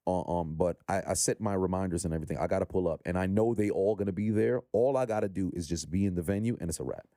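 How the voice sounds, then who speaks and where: A man's voice: low voice, quick pace, mellow, dry recording. A man guesting on a podcast as a content creator, talking in a rambling, easygoing way into a close mic. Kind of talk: casual interview chat.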